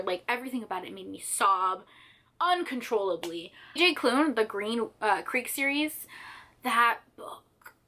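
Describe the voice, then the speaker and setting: A young woman chatting casually about her favorite books, gushing and animated, with lots of "like". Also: on the high side. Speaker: book vlogger. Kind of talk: casual chat.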